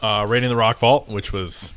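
Bright-voiced joking man. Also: fairly low pitch, steady tone, normal speed. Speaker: podcast guest regular. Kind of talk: casual chat.

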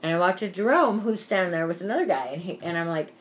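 A woman's voice: on the low side, lively intonation, fast, slight background noise. A woman telling a long work story in casual chat, rambling and peppered with "like" and swearing. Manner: rambling, profane storytelling full of "like".

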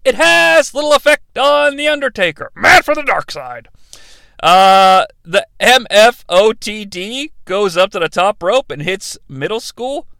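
A man's voice: sits high, animated, a little slow, vocal fry, pushed and bright, no room sound. A man hosting a podcast, giving a comedic play-by-play recap with sarcastic, profane asides. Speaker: podcast host recapping a wrestling event.

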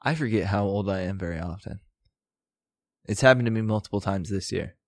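A man's voice: lowish voice, a little fast, no room sound, studio quality. A young man in his twenties hosting a podcast, joking around with wordplay in casual sports talk. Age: 20s. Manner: joking, wordplay, mock-announcer asides. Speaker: podcast host.

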